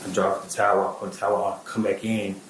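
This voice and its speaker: A man testifying as a witness in court, halting, repeating words and filling gaps with "like" and "um". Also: sits low, little pitch movement, reverberant, a little hiss or hum, low-quality recording. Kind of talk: plain spoken testimony.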